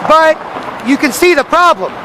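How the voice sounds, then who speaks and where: A man's voice: extremely high pitch, very animated, moderate pace. A man vlogging on a downtown street corner, ranting and repeating himself in a rambling monologue. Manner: repetitive, ranting, acts out other people's voices. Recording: faint traffic noise outdoors.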